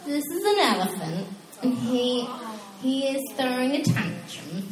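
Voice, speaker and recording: A young woman preaching a casual, animated sermon, chatty and quick to laugh at her own asides. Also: high-pitched, crowd noise. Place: church hall. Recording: echoey hall with long reverb.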